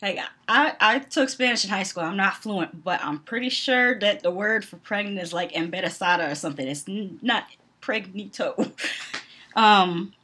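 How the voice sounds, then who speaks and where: A young adult woman from the Northeastern US vlogs casual commentary on a reality TV show, blunt and opinionated, laughing often and filling her talk with "um"s. Her mid-range voice moves at normal speed, bright and forceful in tone, slightly rough.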